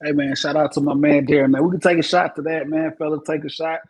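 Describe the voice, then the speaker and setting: Sports talk host, man, husky, laid-back. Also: on the high side, little pitch movement, fast talker, darkish tone, low-quality recording. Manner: laid-back, says "man" at the end of many lines. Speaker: podcast host.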